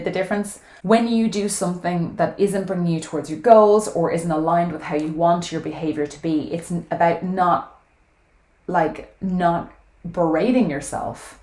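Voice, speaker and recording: A woman's voice: on the low side, a little mellow. A woman vlogging to camera, talking frankly and earnestly about self-compassion and weight loss, now and then swearing casually. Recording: echoey room.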